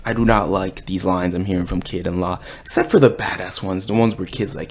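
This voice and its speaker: A man giving a casual, excited chapter review, talking in slang and acting out the characters' lines. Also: low-pitched, fairly quick, few pauses. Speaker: anime and manga reviewer.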